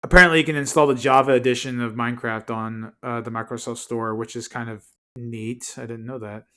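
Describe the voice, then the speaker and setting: A man's voice: mid-range voice, fairly even intonation, brisk, fairly bright tone. Rambling male streamer, casual chat. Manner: rambling, self-correcting asides.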